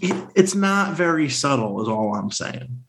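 A man co-hosting a casual film discussion, talking with animated energy and dropping into silly voices. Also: fairly high pitch, a little slow, slight background noise. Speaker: podcast co-host.

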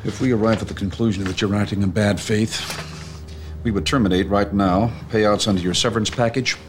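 A man's voice: fairly low pitch, steady tone, natural voice. A man playing a cold corporate lawyer. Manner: measured, legalistic threats. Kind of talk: film drama acting.

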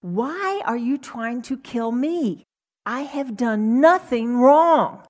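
A woman's voice: on the high side, expressive, slow pace, darkish tone, pitched above the performer's own voice. A woman voicing a young male warrior hero, earnest and respectful, speaking in a raised, pleading tone.

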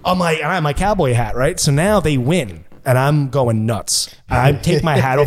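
A man as a podcast guest, telling stories in an energetic, profane, casual way. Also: on the high side, brisk, hardly any pauses. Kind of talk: casual chat.

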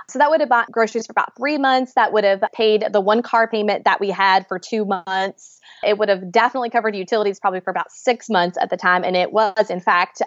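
A woman, a podcast guest, telling a story with lively acted-out quotes and frequent laughs. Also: fairly high pitch, no echo. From Georgia, US. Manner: animated, laughs often, acts out quotes. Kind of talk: storytelling in a casual interview. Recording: dry, dull lo-fi sound.

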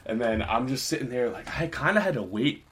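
A man's voice: mid-range voice, lively intonation, fairly quick, a bit bright, a little hiss or hum. A young man on a podcast, casually telling a story in a rambling, laid-back way with lots of fillers.

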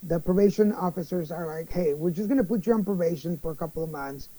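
A young man being interviewed, telling his story in a candid, animated way and acting out other people's lines. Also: on the high side, quick pace, no room sound, low-quality recording. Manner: animated storyteller, acts out quoted voices, many restarts. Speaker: guest.

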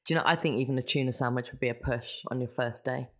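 English woman co-host, very low voice, chatty and gushing, dull lo-fi sound. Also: very fast. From England. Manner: gushing, giggly. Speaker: podcast co-host. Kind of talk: casual chat. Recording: dull lo-fi audio.

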